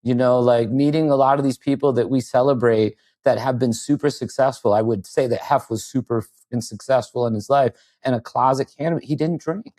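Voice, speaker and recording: A man appears as a podcast guest, casually telling stories and animatedly acting out the quoted lines. His mid-range voice runs a little fast with hardly any pauses. There's no room sound.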